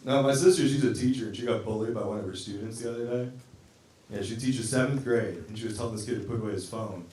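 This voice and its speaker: A man's voice: on the low side, fast, a little mellow, slight background noise. A man doing a live stand-up set, teasing the crowd with loose, chatty jokes and laughing asides. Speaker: stand-up comedian. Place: live music venue with a band on stage. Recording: roomy live venue from a distance.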